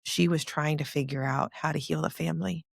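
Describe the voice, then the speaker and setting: A woman hosting a podcast, telling her story in earnest rapid bursts. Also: low voice, steady tone, gravelly, slightly rough, no room sound, studio quality. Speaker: podcast host. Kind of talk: casual conversation.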